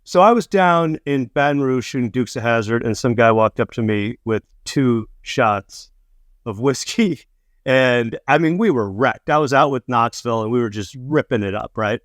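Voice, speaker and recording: A middle-aged man chats casually into a close, dry mic, telling a rowdy drinking story with a lot of swearing. His pitch sits in the middle and jumps up sharply whenever he acts out what someone said. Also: lively intonation, moderate pace, no echo. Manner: swearing, self-mocking, acts out quotes with big pitch jumps. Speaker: podcast co-host, comedian.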